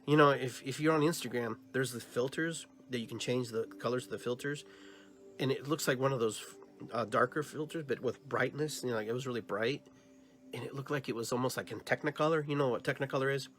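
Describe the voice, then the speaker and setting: A man's voice: medium pitch, brisk, faint music behind. Male podcast host telling a dream story. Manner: animated retelling, acts out both sides of dialogues; long trailing phrases with filler and restarts. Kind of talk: personal storytelling.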